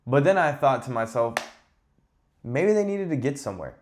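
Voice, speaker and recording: A man with a mid-range voice rants casually on his podcast, animated and exasperated. He swears freely and swings from muttering to loud outbursts. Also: medium pitch, moderate pace, slight background noise. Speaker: podcast host. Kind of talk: casual ranting monologue.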